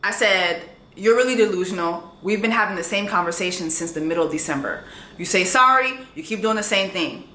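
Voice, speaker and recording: A woman's voice: mid-range voice, expressive, fairly quick, sharp tone, echoey room, a little hiss or hum. A woman, telling a dating story in a vlog in a blunt, sassy way and reading texts aloud.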